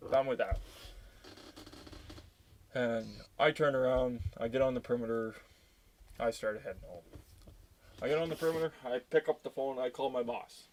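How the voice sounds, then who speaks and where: A man's voice: medium pitch, a little mellow. A middle-aged man from Canada, a tow truck driver, telling a story in a blunt, profane and exasperated way. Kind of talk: casual storytelling rant.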